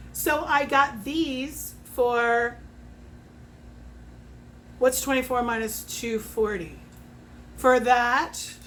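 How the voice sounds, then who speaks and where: A talkative woman in her fifties with a slightly high voice, chatting casually at home. She swears freely and works through prices out loud, and a faint hiss sits under her voice. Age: 50s. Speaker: home fragrance consultant. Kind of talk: casual chat.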